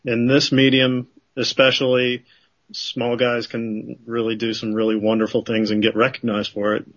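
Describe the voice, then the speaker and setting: A man's voice: mid-range voice, level tone, normal speed, a bit bright, dry recording. A man joins a podcast chat, stammering and restarting as he earnestly works through his thoughts. His voice is close and dry, with a muffled top end. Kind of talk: casual chat.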